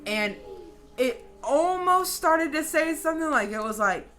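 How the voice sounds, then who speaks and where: A woman in her late twenties telling a story in a casual, animated vlog style, with lots of profanity and dramatic flair. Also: high voice, unhurried, music in the background. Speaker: vlogger.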